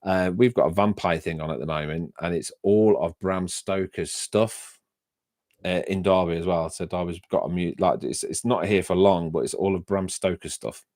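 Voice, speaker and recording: Low-voiced rambling English man. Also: normal speed, darkish tone, dry recording, clean studio sound. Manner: rambling, laughs often, frequent restarts and fillers. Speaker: livestream host reading chat. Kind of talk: casual live-stream chat.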